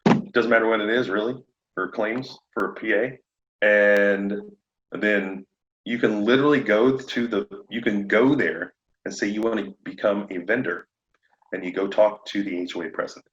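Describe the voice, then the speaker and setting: A man talking shop as a podcast guest, animated and laughing often as he acts out conversations. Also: on the low side, normal speed. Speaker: podcast guest, roofing contractor. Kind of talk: casual podcast chat. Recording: echoey room, dull lo-fi sound.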